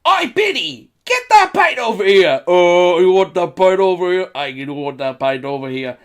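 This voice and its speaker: A man hamming up a loud rowdy British pub bloke. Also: high-pitched, big pitch swings, moderate pace. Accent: British English. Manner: loud, mocking, exaggerated slang.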